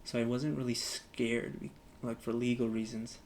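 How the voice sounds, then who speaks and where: Gravelly young man telling a story. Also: medium pitch, level tone, moderate pace, a little mellow, a little hiss or hum. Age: young adult. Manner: rambling, frequent "like" fillers, acts out both sides of conversations. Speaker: vlogger. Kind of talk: casual storytelling vlog.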